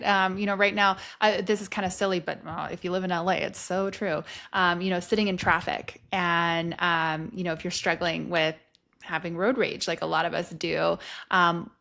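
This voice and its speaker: A woman's voice: lowish voice, fairly even intonation, moderate pace, sharp tone. A woman hosting a podcast interview, talking casually and rambling with many fillers. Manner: rambling, full of "um" and "you know". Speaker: podcast host.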